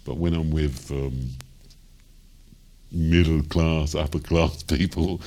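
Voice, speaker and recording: A man's voice: extremely low pitch, steady tone, slow pace, pauses often, warm tone. An older man with a Cockney accent, a jazz singer telling stories from his life in a rambling way, full of ums and you-knows, chuckling as he goes. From London, England. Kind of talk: interview storytelling.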